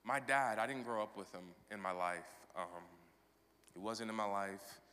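A man in his thirties preaching a sermon as pastor, swinging from loud proclamation to soft, personal confession. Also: fairly low pitch, normal speed, slight background noise. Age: 30s. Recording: long hall reverb.

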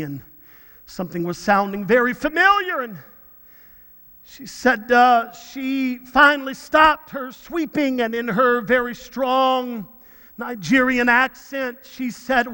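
A male pastor preaching in a church, his voice set very high for a man and bright and forceful. He speaks earnestly, often stumbling over repeated words, and a long reverb from the sanctuary hangs behind him. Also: unhurried, clean tone. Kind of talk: sermon storytelling.

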